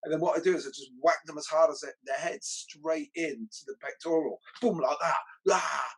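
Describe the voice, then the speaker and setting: A man who teaches martial arts, chatting casually and telling stories with lively acted-out quotes. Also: on the high side, moderate pace, gravelly, husky, rough recording. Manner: animated storyteller, acts out quotes. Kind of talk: casual chat.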